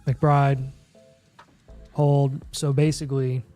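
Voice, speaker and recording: A man's voice: medium pitch, flat delivery, slow, dark tone, faint music behind. A man co-hosting a podcast, casually running down lists and recapping advice in a methodical way. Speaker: podcast co-host. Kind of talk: casual fantasy football advice chat.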